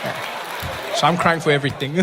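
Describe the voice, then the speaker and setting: A young South African man doing a stand-up comedy set, telling stories in an animated way and jumping into high mock outrage. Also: vocal fry. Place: comedy stage before a live audience.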